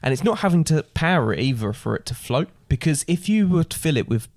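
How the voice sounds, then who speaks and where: A man's voice: on the high side, very animated, fast, a little mellow, dry recording, clean studio sound. A man co-hosting a casual podcast, explaining ideas at length and thinking aloud. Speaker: podcast co-host. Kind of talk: casual chat.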